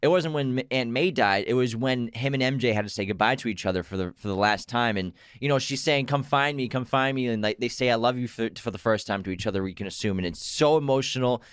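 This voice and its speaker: A man co-hosting a movie channel, talking fast and eagerly in a casual discussion about a film. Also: medium pitch, clear, resonant tone, no room sound, clean studio sound. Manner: fast, eager, animated opinions.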